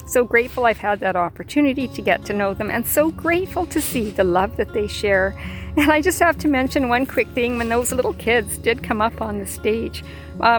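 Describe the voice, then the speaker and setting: An older woman, a grandmother, hosting a podcast and telling a heartfelt personal story in a conversational way. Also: fairly high pitch. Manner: heartfelt, conversational with fillers and repeats. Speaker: podcast host. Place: outdoors or near open air, plane overhead.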